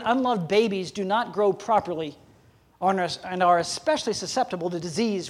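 An older man preaching a sermon as pastor, folksy, with laughing asides and acted-out bits of dialogue. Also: high voice.

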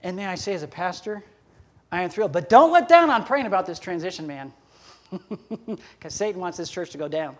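Older male pastor, high-pitched, folksy preaching with acted-out dialogue. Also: lively intonation, brisk, long pauses. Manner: folksy, laughing asides, acts out dialogue. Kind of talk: sermon.

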